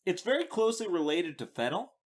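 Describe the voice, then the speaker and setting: Guy co-hosting a podcast, bit higher voice, swings up and down a lot, wry and teasing. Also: fast. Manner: wry, teasing, lively delivery. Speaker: podcast co-host. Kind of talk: casual comedic chat.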